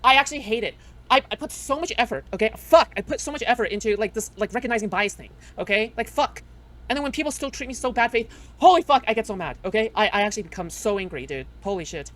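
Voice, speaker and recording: A woman's voice: a little high, quick pace, fairly bright tone. A woman streamer ranting heatedly to her chat, swearing often and tagging nearly every sentence with "okay?". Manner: heated, profane, repeats "okay?" constantly. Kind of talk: livestream reaction rant.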